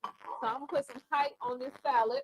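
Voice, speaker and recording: A woman chef hosts a casual cooking show and podcast, playfully teasing her guests in Southern-style slang as she cooks. Her voice is high, steady, and a little fast, on a low-quality recording.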